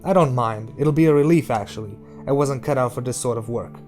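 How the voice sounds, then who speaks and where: A man's voice: mid-range voice, brisk, darkish tone, faint music behind, close to an everyday voice. A man voicing a tense young male heroin addict who talks bluntly and threateningly. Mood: cool threatening.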